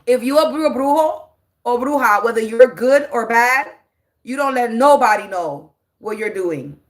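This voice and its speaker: A high-pitched woman doing a livestream rant as a spiritual reader. She talks at an unhurried, drawn-out pace, stretching words for emphasis. Her delivery is blunt, preachy and full of swearing. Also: expressive.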